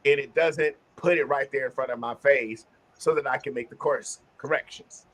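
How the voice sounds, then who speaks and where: A man hosting a casual group discussion, talking earnestly about self-reflection and turning animated when he acts out examples. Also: mid-range voice, moderate pace. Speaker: host.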